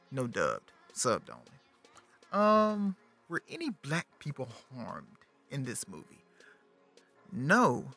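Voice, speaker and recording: A man in his thirties, a podcast host, talking about a movie in a casual, slangy way, often turning to the listener. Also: medium pitch. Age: 30s. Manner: animated, slangy, talks to the listener. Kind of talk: casual movie review chat.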